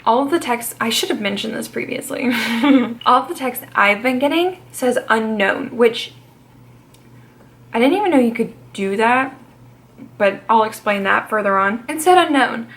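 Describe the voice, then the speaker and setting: A woman's voice: a little high, lively intonation, moderate pace, fairly bright tone. A woman in her twenties telling a personal story in a casual, chatty way, swearing freely as she goes. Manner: chatty, swears freely and laughs between lines. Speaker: vlogger.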